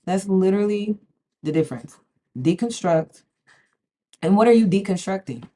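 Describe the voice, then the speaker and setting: A woman's voice: medium pitch, animated, normal speed, dark tone, a little hiss or hum. A woman, talking casually and emphatically to camera as a spiritual vlogger, repeating herself and often asking "okay?". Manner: emphatic, repeats words, keeps checking in with "okay?". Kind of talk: casual direct-to-camera talk.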